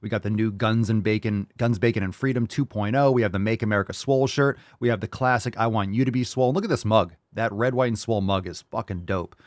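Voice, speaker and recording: A man hosting a live-streamed podcast, loud, profane and hyped, rallying his audience and plugging merch. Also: lowish voice, quick pace, hardly any pauses, no echo, studio quality. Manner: loud, hyped and profane, with mock shouts and crowd-hyping calls. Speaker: podcast host. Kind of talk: casual live-stream show intro.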